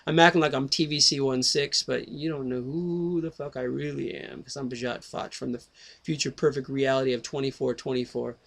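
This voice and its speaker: A man's voice: mid-range voice, fairly even intonation, a little fast, vocal fry, fairly bright tone. Profane rambling man on a headset. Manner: swears constantly, tangents, self-interrupting. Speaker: video host.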